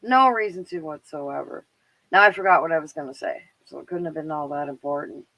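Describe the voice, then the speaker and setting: With a low-pitched, sharp-toned voice and a fast pace, a middle-aged Canadian livestream host chats and rambles casually in a Canadian accent, full of fillers and laughter. The recording is rough, with no room sound.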